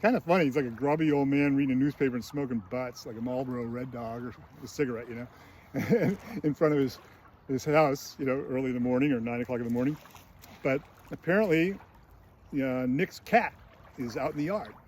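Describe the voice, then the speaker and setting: A man's voice: medium pitch, a little fast, a little mellow, slight background noise. A man in a casual film critique, recounting scenes in a chatty way with many fillers and brief put-on voices. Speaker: screenwriting channel host.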